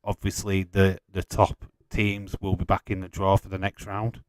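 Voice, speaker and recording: A man's voice: low voice, completely flat delivery, normal speed, no room sound. A man hosting a casual live watch-along, chatting and teasing viewers while calling out match updates, swearing freely. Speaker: watch-along host reading viewer chat. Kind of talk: casual live commentary and chat.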